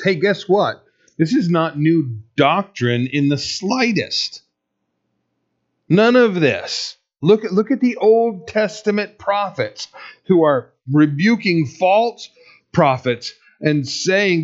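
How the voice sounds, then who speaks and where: A man's voice: on the high side, expressive, slow pace, highs cut off. A male pastor giving a conversational, emphatic sermon with rhetorical questions to the congregation.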